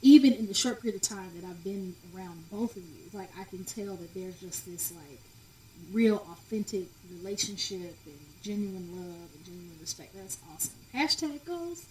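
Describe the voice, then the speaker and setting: Woman, podcast guest, casual chat, animated, emphatic, echoey room, distant mic. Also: fairly low pitch, moderate pace, a little hiss or hum. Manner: animated, emphatic, laughs often.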